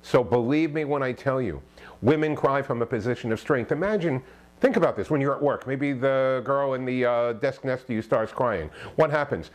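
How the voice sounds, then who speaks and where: A man's voice: mid-range voice, moderate pace. A man giving relationship advice straight to the camera as a self-help author, emphatic and preachy, firing off rhetorical questions and tagging "okay?" onto his points. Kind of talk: direct-to-camera advice monologue.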